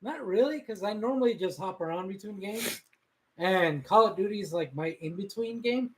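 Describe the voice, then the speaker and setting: A man co-hosting a casual podcast stream, easygoing and quick to laugh things off. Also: high-pitched, animated, fairly bright tone, a little hiss or hum, rough recording. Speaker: podcast co-host.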